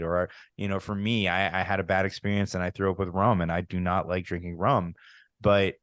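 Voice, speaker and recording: Deep-voiced man hosting a chatty interview. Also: steady tone, quick pace, no room sound. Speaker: podcast host. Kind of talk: casual interview conversation. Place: home office.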